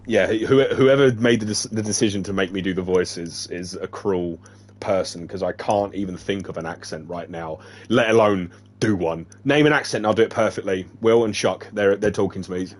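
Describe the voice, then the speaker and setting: A man reading a novel aloud on a live stream, plain and steady, with small slips and restarts, breaking off to chat with viewers. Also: low voice, normal speed.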